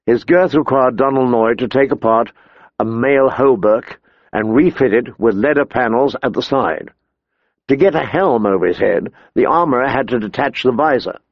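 A man reading an audiobook in a measured, steady storytelling manner. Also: mid-range voice, no echo, dull audio. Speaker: narrator. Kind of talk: audiobook narration.

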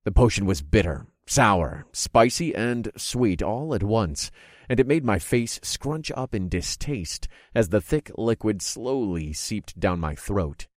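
A man narrating a fantasy audiobook in the first person, expressive and acting out his own reactions. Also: fairly low pitch, takes it slowly, no room sound, clean studio sound. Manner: expressive, groaning and cursing in character.

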